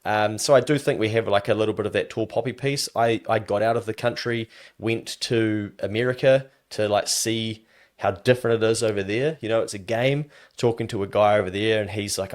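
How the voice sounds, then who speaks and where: Animated New Zealand man, lowish voice. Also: a little fast. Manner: animated storyteller who acts out quoted voices. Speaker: business adviser guest. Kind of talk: casual podcast interview.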